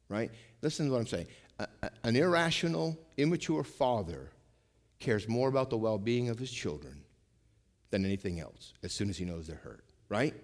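Lively man preaching a conversational sermon. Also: medium pitch. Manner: conversational preaching with frequent asides and rhetorical questions; slows and swells when reading scripture. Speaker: pastor.

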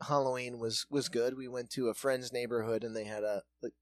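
A man's voice: mid-range voice, steady tone, fairly quick. A man from South Dakota co-hosting a casual chat, talking loosely with lots of swearing and laughter. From South Dakota, USA. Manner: loose, profane, laughing banter.

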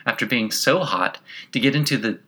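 A man reading a storybook puts on a curious, well-mannered young girl, lifting his voice high and eager. The sound is bright and clear, with an inquisitive, musing lilt. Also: lively intonation, moderate pace. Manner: raised, eager, inquisitive pitch. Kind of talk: audiobook character reading.

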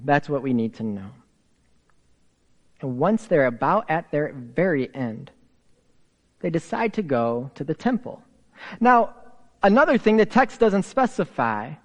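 A man preaching a sermon as a pastor, telling the story in an animated way with playful asides. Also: on the high side. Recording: hall reverb.

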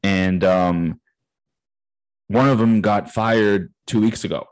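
A man's voice: fairly low pitch, takes it slowly, dry recording, poor audio. A man in his late thirties co-hosting a podcast, telling a story in a casual, profane way, acting out conversations and laughing often. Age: 30s. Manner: profane, animated storytelling, acting out quoted dialogue, frequent laughter. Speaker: podcast co-host. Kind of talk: casual chat.

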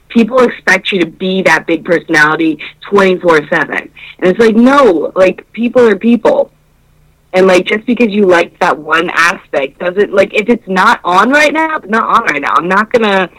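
A woman in casual podcast chat, loud and profane, retelling a date with many fillers and acting out both sides of the conversation. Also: mid-range voice, poor audio. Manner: animated storytelling that acts out both sides of a conversation.

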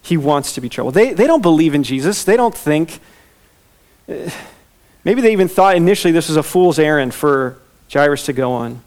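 A man preaching an expository sermon, earnest, slowing down and softening as he reads scripture aloud. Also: on the high side, animated. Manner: earnest, slows down and softens when reading scripture. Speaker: pastor.

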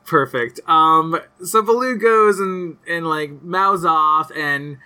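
Bright-voiced man rambling through a recap. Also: fairly high pitch, takes it slowly. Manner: rambling, heavy on fillers, swears casually. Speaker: podcast co-host. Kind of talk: casual chat recapping a cartoon episode.

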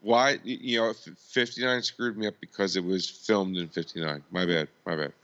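Brief: low, gravelly male co-host, lively inflection, rambling, dull lo-fi audio. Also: normal speed. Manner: rambling, self-correcting, apologetic. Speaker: podcast co-host. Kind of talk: casual chat.

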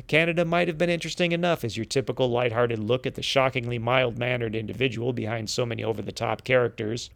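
A man co-hosting a podcast, reading a scripted segment with deadpan, wry delivery. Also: medium pitch, vocal fry. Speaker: podcast co-host.

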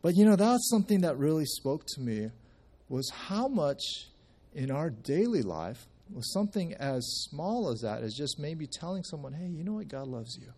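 A man's voice: on the high side, very animated, moderate pace, dark tone, breathy edge. Conversational man telling a church story. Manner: conversational storytelling with many restarts, acting out quoted speech. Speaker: church member sharing at a service. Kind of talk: casual church testimony.

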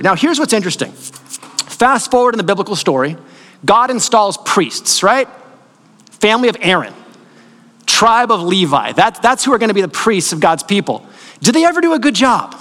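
A man's voice: high-pitched, sing-song, moderate pace, sharp tone. A man preaching a sermon as pastor, talking conversationally, checking in with listeners and acting out stories. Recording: long reverb of a large hall.

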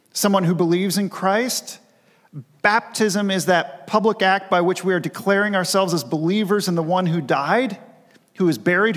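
A man's voice: high voice, fairly bright tone. Man preaching in a reverberant church. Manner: earnest preaching, repeating key phrases for emphasis. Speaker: pastor. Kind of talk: sermon. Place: church sanctuary.

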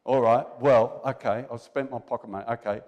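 A man's voice: mid-range voice, fairly even intonation, brisk, a little mellow, lo-fi sound, pitched below the performer's own voice, close to an everyday voice. A man voicing a young child who pleads and bargains for more pocket money, heard with long church-hall reverb. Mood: wheedling. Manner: wheedling, bargaining.

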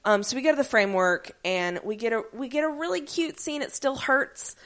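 A woman's voice: high-pitched, a little fast. A woman co-hosting a casual recap chat, swearing freely and acting out characters' lines as she tells the story. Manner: animated, acts out characters' lines mid-story; swears casually, many fillers. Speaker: podcast co-host.

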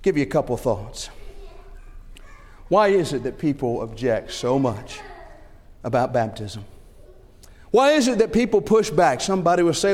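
Animated male preacher in a reverberant hall. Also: high voice, moderate pace. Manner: animated, rhetorical questions, acts out scenarios. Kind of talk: sermon.

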